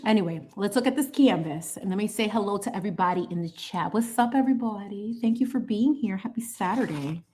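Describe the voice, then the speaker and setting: A woman's voice: mid-range voice, brisk, few pauses, a little hiss or hum. A woman in her late thirties hosting a live painting stream, chatting casually and animatedly with viewers as she paints. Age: 30s. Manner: chatty, animated, greets chat viewers with squeals. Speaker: painting livestream host.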